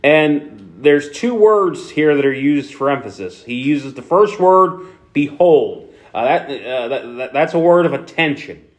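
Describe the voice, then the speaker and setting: A man's voice: on the high side, expressive, unhurried. A man with a Philadelphia accent preaching a sermon to his congregation, conversational, with many fillers and restarts. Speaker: pastor.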